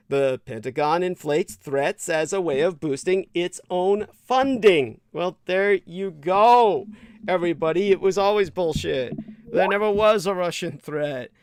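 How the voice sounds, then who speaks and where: A man's voice: a little high, smooth, no room sound, clean studio sound. A man hosting a livestream, reading quotes aloud and breaking into profane, scornful rants. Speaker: livestream host.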